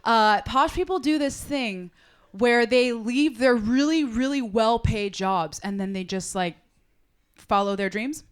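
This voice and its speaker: A young woman with a high, smooth, clear voice does a stand-up set at a comedy club mic. She talks in a chatty, ironic way. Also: unhurried. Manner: chatty, ironic, with playful put-on posh voices.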